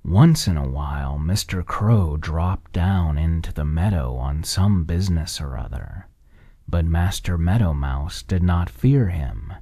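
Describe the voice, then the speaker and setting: A man reading an old children's bedtime story in a soft, gentle whispered role-play. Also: deep voice, lively intonation, unhurried. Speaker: ASMR storyteller.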